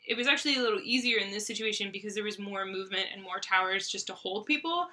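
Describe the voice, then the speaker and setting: Bright chatty young woman. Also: medium pitch, quick pace. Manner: chatty, giggly. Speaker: host. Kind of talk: casual board game review chat.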